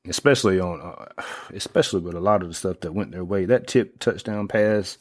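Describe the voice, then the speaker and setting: A middle-aged man in casual sports talk, rambling with lots of fillers and restarts, getting excitable as he retells plays. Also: sits low, fairly quick, dry recording.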